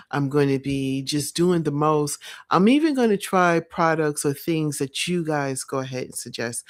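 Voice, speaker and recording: A woman vlogging late at night, chatting casually and rambling to her viewers, sounding tired and breaking into excited squeals. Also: extremely low pitch, no echo, studio quality.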